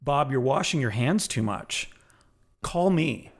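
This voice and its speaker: A man with a gravelly, creaky voice at a middle pitch talks casually as a podcast co-host. He rambles a little and fills his pauses with "like" and "uh". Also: lively intonation. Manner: chatty, many fillers like "like" and "uh". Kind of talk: casual chat.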